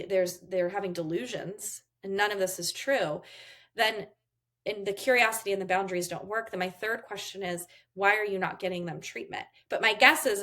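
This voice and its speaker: A woman's voice: mid-range voice, pushed and bright. A woman therapist giving parenting advice in an interview, explaining step by step and acting out what a parent and child might say. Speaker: therapist guest.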